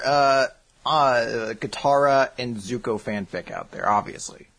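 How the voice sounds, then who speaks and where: A man's voice: medium pitch, unhurried, gravelly, a bit bright. A young man co-hosting a podcast, chatting casually and telling stories with lots of laughs and casual swearing. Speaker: podcast co-host. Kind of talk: casual chat, storytelling.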